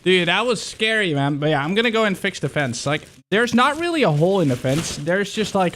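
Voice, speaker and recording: Excitable swearing young male streamer. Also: fairly high pitch, a little hiss or hum. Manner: excitable, swears a lot, rambling. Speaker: livestreamer. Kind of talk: casual livestream chat.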